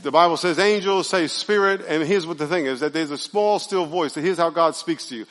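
Animated pastor preaching in an echoey hall. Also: male voice, on the high side, a little fast. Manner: conversational, animated preaching with audience call-and-response. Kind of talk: sermon. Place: church sanctuary.

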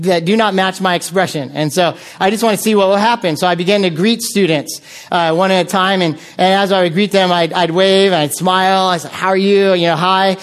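American male pastor, higher voice, lively storytelling sermon delivery with fillers. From United States. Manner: animated storytelling with frequent filler words.

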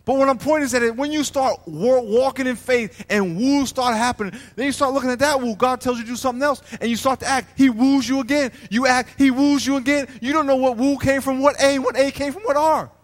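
A man with a very high voice preaches with energy, acting out little scenes and calling out to his congregation. His words ring through a big hall with a long echo that trails behind each phrase. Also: fairly quick, hardly any pauses. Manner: animated preaching, plays out little scenes and asks the crowd to respond. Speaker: pastor. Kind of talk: sermon. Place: church hall.

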